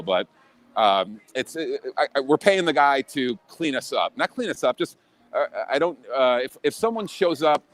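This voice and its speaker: Blunt guy from illinois, swears a lot, keeps restarting his sentences, casual chat. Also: mid-range voice. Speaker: podcast guest.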